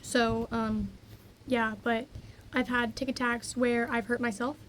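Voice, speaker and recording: A young woman with a slightly high voice chats loosely in a personal vlog, drifting off on tangents and filling gaps with ums. She films herself on a phone outside by a backyard garden, with faint outdoor ambience behind her. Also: level tone, takes it slowly, slight background noise. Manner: rambling, easily distracted, frequent fillers. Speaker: vlogger. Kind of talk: casual personal vlog chat.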